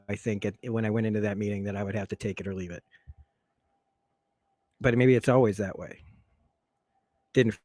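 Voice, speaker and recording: A man's voice: lowish voice, dry recording. A man in a rambling, stream-of-consciousness TV recap, talking enthusiastically with frequent laughs. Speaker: host. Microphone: streaming setup mic.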